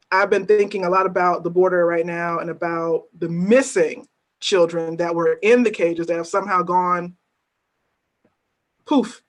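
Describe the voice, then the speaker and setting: A woman poet at an open mic, chatting briefly and then reading her spoken-word poems in a measured, weighty delivery with pointed repetition. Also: on the low side. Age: adult working as a teacher.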